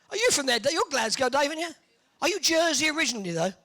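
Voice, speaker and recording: A tournament MC, joking and teasing the audience during crowd warm-up banter in an indoor arena. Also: high voice, big pitch swings, moderate pace.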